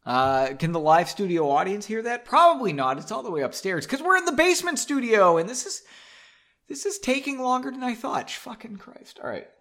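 A man reads a melodramatic story aloud for a comedy show, cutting in with mocking commentary. His pitch swings wildly from line to line and sits a little high for a man. He talks from a basement home studio. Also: very animated, brisk, a bit bright. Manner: sarcastic, mocking asides, drinking while reading. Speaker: podcast host reading a story aloud. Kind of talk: comedic dramatic reading with asides.

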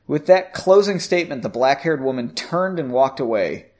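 A man's voice: mid-range voice, expressive, normal speed, darkish tone. A man casually reading a fantasy story aloud, fixing slips and poking fun at the clumsy writing. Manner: self-correcting, mocks the text. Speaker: reader. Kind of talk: casual fiction read-aloud.

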